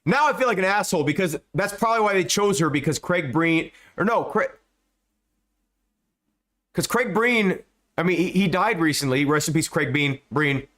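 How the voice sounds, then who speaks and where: A man talks over his gameplay in a loose, rambling way. His voice sits a little high, and he stumbles over his words, repeating them often. He swears casually as he chats to his viewers. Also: expressive, moderate pace, a bit bright. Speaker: gaming YouTuber.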